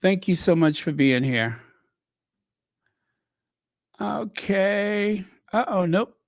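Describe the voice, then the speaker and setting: Slow unhurried stream host, reads out viewer names, dry close sound. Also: medium pitch, lively intonation, vocal fry, dry recording. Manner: chatty, greets viewers by name. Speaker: livestream host. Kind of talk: casual livestream chat.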